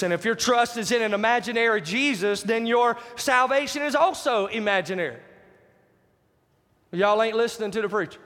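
A man's voice: high-pitched, bright, forceful tone. A man preaching a sermon, emphatic, repeating key phrases and putting questions to the congregation. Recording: long hall reverb.

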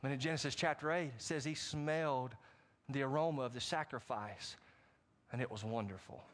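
A middle-aged man preaching a sermon, animated, with sudden loud rises and frequent asides to the congregation. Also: medium pitch, moderate pace. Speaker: pastor.

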